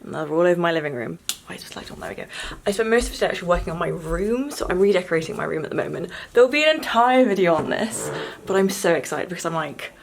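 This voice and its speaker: A woman's voice: on the low side, expressive, quick pace, creaky, a little hiss or hum. A young woman in her twenties vlogging casually to camera, frank and sweary, venting with self-mocking humour. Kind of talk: casual vlog chat to camera.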